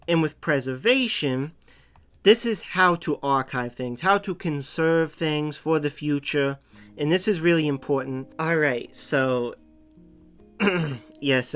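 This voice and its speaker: A man with a Boston accent talks through a casual info-dump monologue in a slightly high, smooth, clear voice. He rambles and often corrects himself mid-sentence. Faint background music plays under his talk. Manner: rambling, with self-corrections and small laughs. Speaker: channel host. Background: soft background music.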